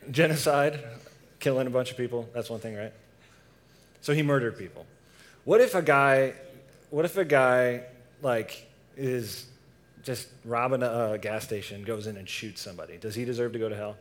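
A man's voice: medium pitch, moderate pace. A young man preaching a casual sermon to a youth group, asking the audience questions and reading scripture.

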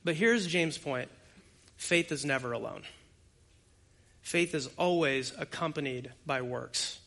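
A man's voice: a little high, animated, slow, vocal fry, pushed and bright. A male pastor preaching an expository sermon in a conversational, emphatic way and speaking directly to the congregation. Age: adult with young children.

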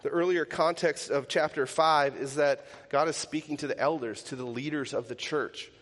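A pastor with a slightly higher, somewhat bright voice preaches a sermon in a loose, conversational way, keeping a steady tone and moderate pace. He repeatedly throws rhetorical questions at his congregation, and a long reverb from the church hall follows his voice.

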